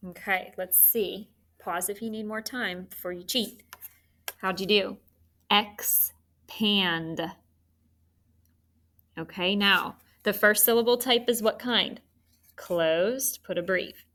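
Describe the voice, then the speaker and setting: Slow, bright-voiced woman teaching phonics. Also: medium pitch. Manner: slow, clear, encouraging teacher talk with spelled-out letters. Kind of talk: phonics lesson for children.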